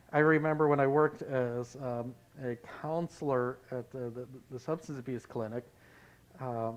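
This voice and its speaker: A pastor leading a Bible study, talking in a conversational way and telling anecdotes. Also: male voice, medium pitch, darkish tone, low-quality recording.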